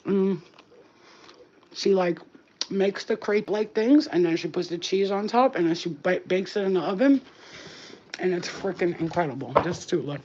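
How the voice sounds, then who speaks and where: A woman's voice: fairly low pitch, moderate pace, long pauses, dark tone, muffled recording, slight background noise. A woman talking casually and earnestly into her phone, speaking straight to spirits and repeating her blessings with emphasis. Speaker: spiritual healer vlogger. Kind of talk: casual spoken message to spirits.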